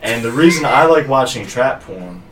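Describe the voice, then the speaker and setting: A man's voice: mid-range voice, animated, moderate pace, fairly bright tone, echoey room, rough recording. A young man co-hosting a casual podcast, joking and arguing his point with fillers. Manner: joking, argumentative, hesitant fillers. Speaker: podcast co-host. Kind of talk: casual chat.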